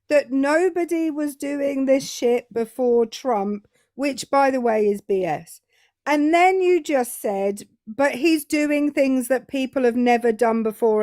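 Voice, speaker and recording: A British woman co-hosting a call-in show, making pointed, measured arguments to a caller. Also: high voice, darkish tone, no echo, studio quality. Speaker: co-host. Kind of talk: debating a caller.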